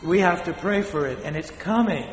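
An older man from Spain, a priest preaching a sermon in a blunt, scolding way with dramatic pauses, his voice still weak after a fall. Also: high voice, lively intonation, a little hiss or hum. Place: church. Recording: echoey hall from a distance.

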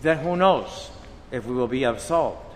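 A man preaching a sermon as a priest, slow and emphatic, acting out dramatic quotes. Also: medium pitch, expressive, slight background noise. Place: church shrine. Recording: long church reverb.

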